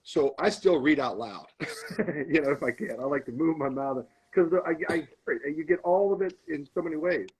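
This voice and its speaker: A middle-aged man telling stories as a podcast guest, animated, acting out arguments with himself. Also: on the high side, moderate pace, breathy edge, rough recording. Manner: animated storyteller, acts out arguing with himself. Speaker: guest, comedian and actor. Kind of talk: storytelling in a podcast interview.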